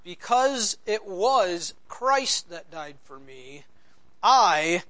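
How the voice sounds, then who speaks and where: A man preaching a sermon as pastor, swinging from loud emphasis to hushed lows and slowly repeating key phrases. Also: sing-song. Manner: slow deliberate repetition of key phrases.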